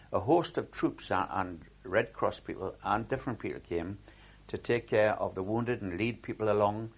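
A man's voice: on the low side, husky, highs cut off. An older man recalling his war service in a rambling oral history, with frequent restarts and repeated words.

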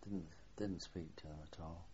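Older veteran, low voice, halting recollections that fade out at the ends of phrases, heard on a muffled old tape. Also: male voice, fairly even intonation, husky. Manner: halting reminiscing, trailing off softly. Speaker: war veteran interviewee. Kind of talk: oral history interview. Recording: dull lo-fi archival tape.

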